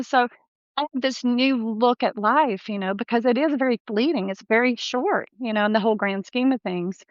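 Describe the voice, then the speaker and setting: A woman's voice: a little high, no room sound, dull audio. A woman in her sixties, a dentist guest telling her story in a chatty, laughing way. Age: 60s. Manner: warm, chatty, laughs often, acts out quoted voices. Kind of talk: casual interview chat.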